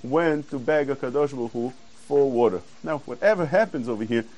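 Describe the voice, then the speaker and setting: A man giving a Torah class, explaining verses earnestly and quoting Hebrew quickly. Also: medium pitch, darkish tone, poor audio. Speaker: Torah teacher.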